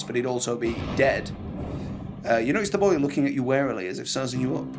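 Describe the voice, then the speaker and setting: A chatty man from England commentating his gameplay. His tone is wry, and he reads the game text aloud. Loud game music plays under his voice. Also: medium pitch, animated, quick pace. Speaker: let's play host. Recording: music behind.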